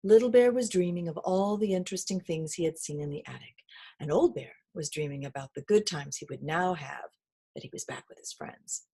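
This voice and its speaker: A woman reading a children's picture book aloud in an expressive, sing-song storytelling manner. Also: lowish voice, brisk, slightly rough. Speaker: reader.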